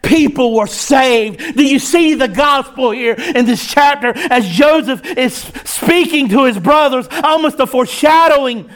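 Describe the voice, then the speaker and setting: A man preaching a sermon, in an impassioned cadence that rises and falls. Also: very high voice.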